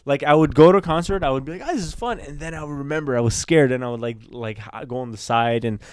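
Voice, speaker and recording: A man from Canada co-hosting a comedy podcast, telling stories in an animated way and laughing easily. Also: medium pitch, quick pace, clear, resonant tone, no room sound, studio quality. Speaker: podcast co-host. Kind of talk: casual comedy podcast chat.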